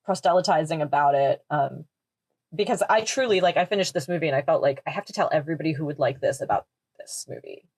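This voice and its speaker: Thoughtful woman, low voice, dry sound. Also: quick pace, darkish tone, dry recording. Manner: thoughtful, analytical, laughs easily. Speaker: podcast co-host. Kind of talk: casual film discussion.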